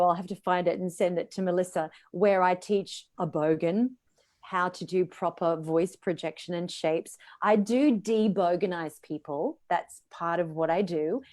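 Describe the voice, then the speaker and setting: A middle-aged Australian woman, a voice coach, speaking expressively as a guest on a live video call. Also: mid-range voice. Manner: expressive, demonstrates voices while teaching.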